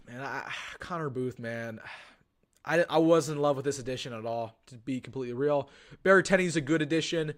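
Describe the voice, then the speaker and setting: Young male stream host, casual and rambling, slightly high pitch, desk mic at home. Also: a bit bright. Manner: chatty, thinks aloud, frequent restarts and ums. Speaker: sports livestream host. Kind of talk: casual live-stream commentary.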